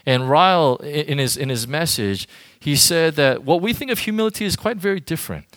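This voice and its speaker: A man's voice: a little high, animated, brisk, fairly bright tone, dry recording, studio quality. A man giving an informal sermon to a youth group as their pastor, talking directly and emphatically to the audience.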